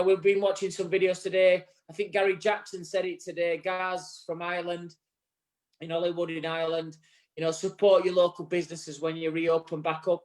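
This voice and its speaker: A man with a Yorkshire accent co-hosting a live show, talking in an earnest, rambling way and swearing now and then. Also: on the high side. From England. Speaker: co-host. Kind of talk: casual live show chat. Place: bar set.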